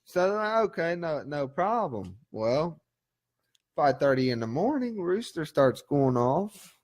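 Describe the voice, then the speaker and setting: Male co-host, higher than usual voice, relaxed and rambling, casual storyteller. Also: slow pace. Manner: laid-back, rambling storyteller. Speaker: podcast co-host. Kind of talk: casual joke telling.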